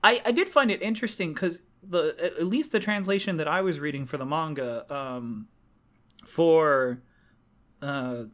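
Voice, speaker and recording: A man's voice: fairly high pitch, moderate pace, a bit bright. A young man co-hosting a podcast in casual chat, enthusiastic, laughing often and swearing casually. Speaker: podcast co-host.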